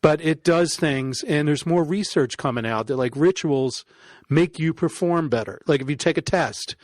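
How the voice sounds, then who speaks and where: A man, a podcast guest, telling an animated story in casual conversation, laughing often. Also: a little high, normal speed, no echo. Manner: animated, laughs often, acts out quoted voices.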